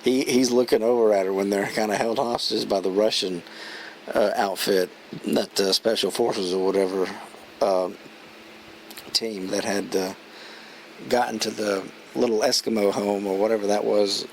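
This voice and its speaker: A man's voice: fairly low pitch, steady tone, normal speed, slight background noise, low-quality recording. A man giving a casual, rambling spoken film review, chuckling as he retells scenes. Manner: rambling, chatty, many restarts and fillers.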